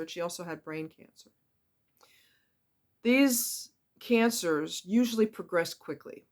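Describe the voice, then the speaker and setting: A woman giving a casual monologue about relationships, emphatic and animated, repeating words for effect. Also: fairly low pitch. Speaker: relationship commentator.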